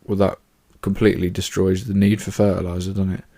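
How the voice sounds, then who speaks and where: Gravelly man rambling casually. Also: deep voice, level tone, a little fast, mellow. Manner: chatty, rambling, swears casually. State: yawning. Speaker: podcast host. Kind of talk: casual solo podcast monologue.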